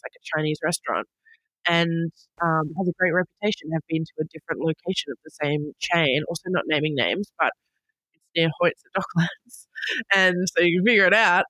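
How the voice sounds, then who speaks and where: A woman's voice: low-pitched, a bit bright, no room sound, studio quality. A woman co-hosting a pop culture podcast, chatting casually and telling rambling anecdotes with easy laughs, a little under the weather. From Australia. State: a bit sick. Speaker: podcast co-host. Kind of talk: casual chat.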